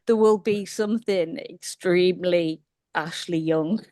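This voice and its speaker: A woman's voice: on the low side, measured pace, warm tone. A woman on a fan podcast panel giving brief, dry answers in a casual chat.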